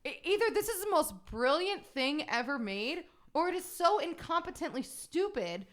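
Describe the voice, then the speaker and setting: A woman co-hosting a podcast, talking fast and in disbelief about a movie, with frequent swearing. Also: high voice, very animated. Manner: fast, incredulous, swearing, sings mock songs. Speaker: podcast co-host. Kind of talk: casual chat.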